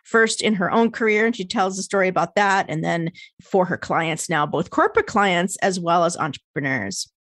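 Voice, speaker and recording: A woman's voice: fairly low pitch, moderate pace, hardly any pauses, a bit bright, dry recording, studio quality. An American woman hosting a podcast interview, chatty and casual, laughing often and swearing freely. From United States. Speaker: podcast host.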